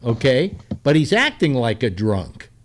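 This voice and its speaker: A man hosting a casual political talk show, rambling with many halting restarts. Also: mid-range voice, big pitch swings, slight background noise.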